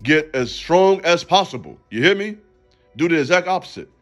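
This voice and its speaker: Male host, higher-pitched voice, preachy and emphatic, addressing the listener directly over faint background music. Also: lively intonation, normal speed, fairly bright tone, lo-fi sound. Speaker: channel host. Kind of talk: motivational faith talk.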